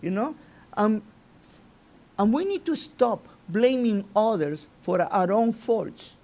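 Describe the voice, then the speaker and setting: High-voiced, slow-spoken rabbi. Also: male voice, sing-song, a little mellow. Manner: halting, restarts phrases, often asks "you know?". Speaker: rabbi teaching the weekly Torah portion. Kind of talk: informal Torah lesson.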